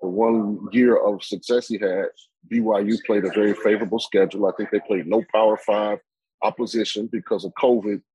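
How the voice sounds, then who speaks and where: Husky-voiced man breaking down football. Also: fairly low pitch, fairly even intonation, fairly quick, warm tone, no room sound, poor audio. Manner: rambling, opinionated, many fillers and restarts. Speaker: football analyst guest. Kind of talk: sports talk discussion.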